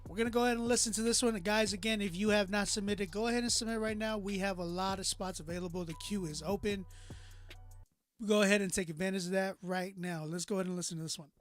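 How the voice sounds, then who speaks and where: A man's voice: sits high, fairly even intonation, fast. A man hosting a live music review stream, hyping up the chat and calling for song submissions. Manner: hyped, talks straight to chat. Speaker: livestream music review host. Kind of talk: casual livestream hosting.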